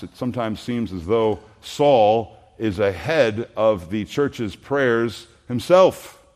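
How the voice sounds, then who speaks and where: A male pastor delivers an expository sermon, taking his time with every phrase. His voice sits in an ordinary middle register, and he leans into key words with earnest emphasis. He often asks rhetorical questions. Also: mid-range voice.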